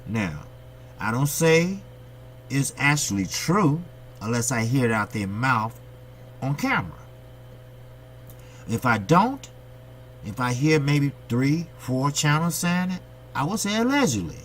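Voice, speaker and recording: A man from the United States rants about boxing straight to his viewers in a blunt, salty way, answering his own questions as he goes. His voice sits at an ordinary middle pitch. A faint hum runs under the recording. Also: big pitch swings, unhurried, long pauses, a bit bright. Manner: blunt, profane, ranting delivery. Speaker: boxing channel host. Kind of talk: opinionated boxing commentary monologue.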